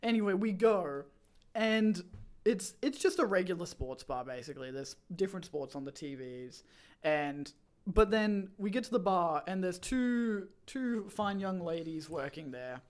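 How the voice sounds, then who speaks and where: High-voiced young man rambling. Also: expressive, a little slow. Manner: rambling storyteller with many fillers and restarts. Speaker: streamer host. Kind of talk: casual chat.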